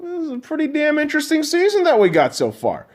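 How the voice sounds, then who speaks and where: A man hosting a podcast, ranting angrily and profanely, mocking imagined listeners and swinging from loud outbursts to low mutters. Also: huge pitch swings, fast. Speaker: podcast host.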